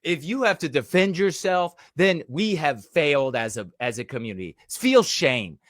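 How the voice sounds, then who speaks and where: A man's voice: mid-range voice, big pitch swings, moderate pace, few pauses, fairly bright tone, no room sound, clean studio sound. A man giving angry, mocking commentary on a news clip, with many fillers and restarts.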